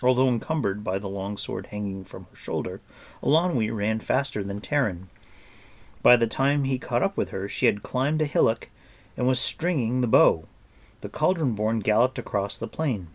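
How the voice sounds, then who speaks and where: A man reading a fantasy novel aloud as audiobook narrator, soft and even. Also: fairly low pitch, moderate pace. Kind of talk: scripted narration.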